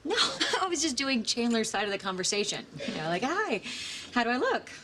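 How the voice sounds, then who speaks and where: A woman's voice: fairly high pitch, huge pitch swings, brisk, heavy background noise. A giggly, teasing sitcom woman. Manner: giggly, mimics a man's lines playfully. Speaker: sitcom character. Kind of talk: sitcom acting.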